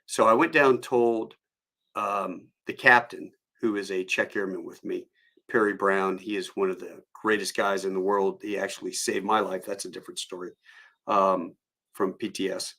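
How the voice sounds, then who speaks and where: A middle-aged man swaps a travel story in a loose, conversational way. He drifts into tangents and pauses on fillers as he recalls the details. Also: deep voice, steady tone, bright, forceful tone. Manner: rambling and digressive, with many fillers. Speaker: storyteller, airline pilot. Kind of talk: casual anecdote on a solo live stream.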